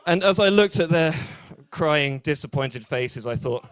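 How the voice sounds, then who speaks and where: A young man with an English accent doing a stand-up set at a small bar open mic, deadpan and hesitant with many fillers. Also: a little high, a little slow, smooth, no echo. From England. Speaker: stand-up comedian.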